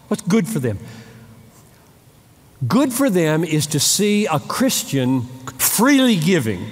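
Animated preacher man in a reverberant hall. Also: a little high. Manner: animated, acts out little dialogues with shifting voice. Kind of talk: sermon.

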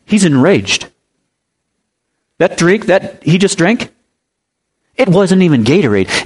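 Male pastor, sermon, higher voice, very animated delivery, storyteller. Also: normal speed, gravelly, pauses often. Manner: animated storyteller, swings pitch for emphasis; explains Greek word meanings.

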